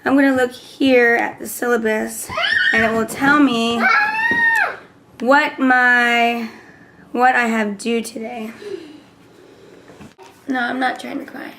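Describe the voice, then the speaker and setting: A woman chatting casually to camera at home in a vlog, excitable and often dropping into a whisper. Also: on the high side, takes it slowly, pauses often, heavy background noise. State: voice messed up. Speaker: vlogger.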